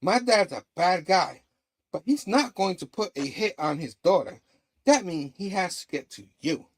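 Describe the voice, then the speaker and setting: A man's voice: sits high, animated, normal speed. A man reading a frightened young woman's lines with urgency in his own voice. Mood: urgent. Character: scared young woman, crime boss's daughter.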